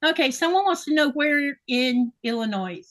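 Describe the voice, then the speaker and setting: Woman hosting a sewing livestream, chatty, reads comments out, slightly high voice. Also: expressive, normal speed. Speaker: livestream host. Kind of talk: casual live chat.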